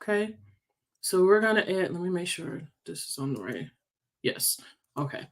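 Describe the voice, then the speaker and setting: A woman leading her sales team's meeting in a casual livestream, chatty and teasing as she works through sums out loud. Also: on the low side, animated, normal speed, gravelly. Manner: chatty, teasing, thinks aloud while working sums. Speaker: sales team leader.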